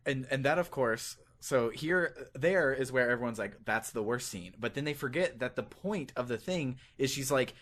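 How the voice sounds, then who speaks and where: A man's voice: mid-range voice, moderate pace, few pauses, a bit bright. A man co-hosting a podcast, enthusiastically explaining why he loves a game scene. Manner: enthusiastic, emphatic. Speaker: podcast co-host. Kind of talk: casual chat about a game.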